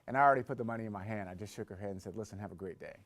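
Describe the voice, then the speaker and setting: A man's voice: fairly low pitch, racing. Man telling a story to make a point. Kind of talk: personal story and motivational talk.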